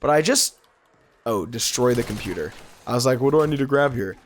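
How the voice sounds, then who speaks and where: Brisk and mid-range, a congested man's nasal voice carries his rambling commentary over a game; he's a YouTuber fighting a cold. He drifts onto side topics easily, laughs frequently, and his voice shoots up when he's excited.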